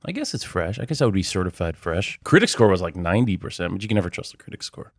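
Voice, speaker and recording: A man's voice: low voice, sing-song, fast talker, no echo, studio quality. A man co-hosting a casual film podcast, talking in a loose, rambling way with lots of fillers and hedges. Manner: rambling, hedging with many fillers. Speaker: podcast co-host.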